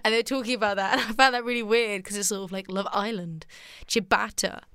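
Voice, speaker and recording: A young woman co-hosting a casual student podcast, playful and quick to laugh. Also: a little high, fairly even intonation, fairly bright tone, smooth, no room sound, clean studio sound. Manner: giggly, playful, picks up on funny words. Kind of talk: casual chat.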